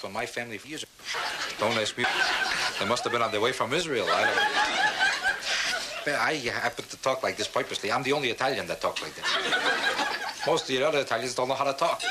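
Stand-up guy rattling off deadpan brags quick, noisy live tape, crowd laughing. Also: medium pitch. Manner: deadpan boastful delivery with mock-serious asides. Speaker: stand-up comedian. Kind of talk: stand-up routine. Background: audience laughter.

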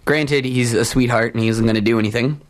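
A man's voice: mid-range voice, steady tone, fast. A man hosting a campus radio show, chatting casually and rambling with many ums and uhs, joking at his own expense. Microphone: studio microphone.

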